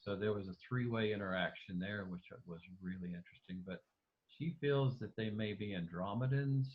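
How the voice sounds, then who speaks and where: A man's voice: on the low side, moderate pace. Hesitant man on a dull video call. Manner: hesitant, many restarts and fillers. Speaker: interview guest. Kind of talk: casual conversation over a video call.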